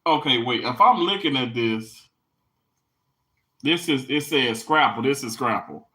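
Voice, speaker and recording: A woman from Mississippi with a Southern accent chats live with her viewers in an animated, exclamatory way. Her voice is bright and tense. Her pitch swings widely from low asides to high outbursts. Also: a little slow, poor audio. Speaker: livestream host chatting with viewers. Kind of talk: casual live chat.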